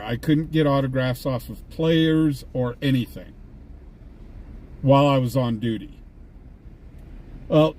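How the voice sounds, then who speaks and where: A man's voice: mid-range voice, darkish tone. A man hosting a live stream, casually telling anecdotes and laughing at his own stories while he sits in a vehicle. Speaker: livestream host and scanner chaser. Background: faint vehicle and ambient noise.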